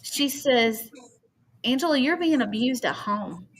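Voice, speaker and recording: A woman's voice: fairly high pitch, lively intonation, a little slow, creaky, poor audio. Woman telling a personal story. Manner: earnest, quotes others' speech at length. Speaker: guest. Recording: faint background noise.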